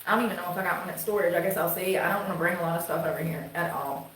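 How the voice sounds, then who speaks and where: A woman's voice: lowish voice, rapid-fire, fairly bright tone. A woman from North Carolina with a Southern twang, rambling casually and bluntly to her stream viewers, swearing freely. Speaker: live streamer. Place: indoor room, rain outside. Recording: echoey room, faint noise.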